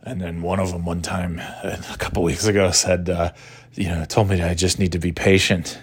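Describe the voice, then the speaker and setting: A man's voice: low voice, little pitch movement, normal speed, slightly rough, no echo. Profane, sarcastic man on a dry mic. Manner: frequent restarts and stumbles. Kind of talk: rambling casual rant.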